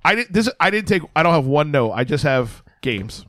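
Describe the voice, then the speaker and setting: A man's voice: on the high side, sing-song, moderate pace, a bit bright, no room sound, clean studio sound. A man in his thirties co-hosting a casual podcast chat, joking and swearing freely. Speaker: podcast co-host.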